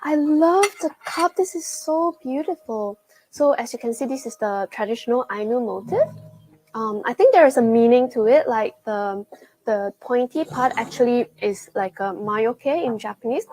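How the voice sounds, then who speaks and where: Chatty, excitable young woman host. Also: a little high, normal speed, poor audio. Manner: chatty and excitable, with frequent gasps and laughs. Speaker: travel show host. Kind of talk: live-streamed travel vlog, tasting food on camera. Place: indoors at a restaurant.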